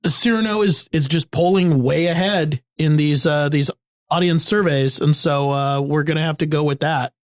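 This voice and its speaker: A man co-hosting a comedy podcast, improvising a scene in a halting way, full of fillers and restarts. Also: a little high, dry recording, studio quality. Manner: hesitant, many fillers and restarts. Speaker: podcast co-host.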